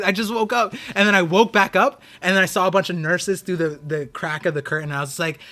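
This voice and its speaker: A man's voice: a little high, fast, sharp tone. A man hosting a live stream, telling a rambling story in casual chat with many restarts. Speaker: streamer host.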